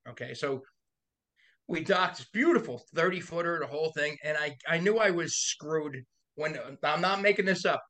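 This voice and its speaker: A man, a body shop owner on a podcast, telling rambling stories in casual chat, laughing, swearing and acting out the voices of people in them. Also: on the high side. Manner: animated, profane, laughs through stories, acts out voices.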